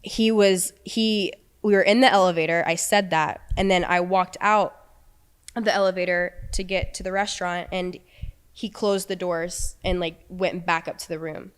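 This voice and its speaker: On a podcast, a young guest relates a personal story in a relaxed way, repeating the dialogue as it was spoken. She speaks at a moderate pace with a lowish voice, fairly even intonation, and a clear, resonant tone.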